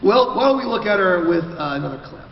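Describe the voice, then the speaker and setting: A man's voice: high-pitched, animated, quick pace, slight background noise. A man moderating a convention panel in a chatty, joking way, often restarting his sentences. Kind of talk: casual convention panel talk. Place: large convention hall. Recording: echoey hall, distant mic, dull sound.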